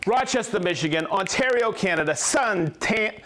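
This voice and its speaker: Upbeat, lively-voiced man hosting a live stream. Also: sits high, normal speed. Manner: upbeat and chatty, rattling off viewer locations. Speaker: host of a company livestream. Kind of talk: live product demo and viewer shout-outs.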